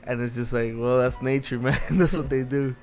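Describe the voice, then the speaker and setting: A man chatting casually and telling stories in a relaxed, profane way, laughing often. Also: medium pitch, normal speed, faint music behind. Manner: laid-back storytelling, swearing, laughing. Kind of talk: casual chat.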